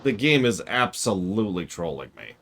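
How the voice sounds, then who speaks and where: A man's voice: fairly low pitch, sing-song, moderate pace, vocal fry, fairly bright tone. A man streaming a game and wisecracking casually over it.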